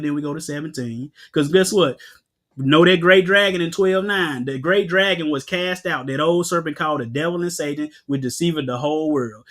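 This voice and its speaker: A man with a high voice preaches a Bible-teaching sermon. He puts questions to his listeners and answers them himself. His voice rises into loud, dramatic bursts whenever he reads scripture.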